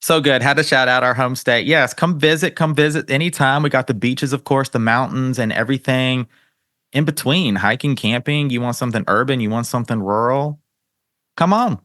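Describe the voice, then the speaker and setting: A man's voice: medium pitch, a little fast, fairly bright tone, no room sound, clean studio sound. A man with a North Carolina Southern accent, hosting a podcast as a flirt coach in an upbeat, chatty, affirming way. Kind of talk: casual interview chat.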